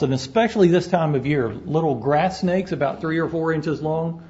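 A man's voice: a little high, expressive, unhurried, few pauses, mellow. A man preaching a sermon as pastor, folksy and conversational, joking with his congregation, on a dull lo-fi recording.

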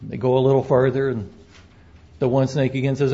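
A man's voice: medium pitch, fairly even intonation, a little fast, warm tone. A man preaching a sermon as pastor, folksy and conversational, joking with his congregation, on a dull lo-fi recording.

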